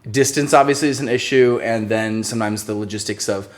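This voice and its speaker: A man hosting a casual live-stream chat, jokey and quick to laugh. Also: lowish voice. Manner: chatty, laughs often, jokey. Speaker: host of a channel live stream.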